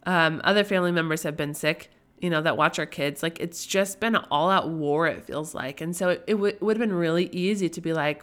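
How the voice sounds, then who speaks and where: This podcast host is a young woman whose low voice moves fairly quickly and sounds a bit bright. Nasal and worn out from a lingering cold, she rambles chattily through her casual faith-based show, frequently tossing in "right?"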